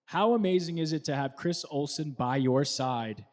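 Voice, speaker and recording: A man's voice: fairly high pitch, normal speed, darkish tone, long reverb tail. A man co-hosting a casual Q&A, upbeatly reading out fan questions. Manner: upbeat, reads out questions and names.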